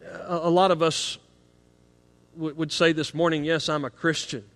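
A middle-aged man preaches in a high, carrying voice, earnest and pressing harder on the points he wants to land. He often doubles a word as he starts a phrase. His voice rings with the long reverb of a church sanctuary. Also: level tone, moderate pace, a bit bright. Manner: earnest, rising in emphasis on key points. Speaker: pastor. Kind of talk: sermon.

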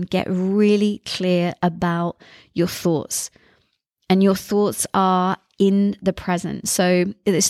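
A woman's voice: mid-range voice, a little mellow, no echo, clean studio sound. Soothing motivational woman podcaster. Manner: coaching, repeats affirmations in first person. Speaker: podcast host. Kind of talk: motivational talk.

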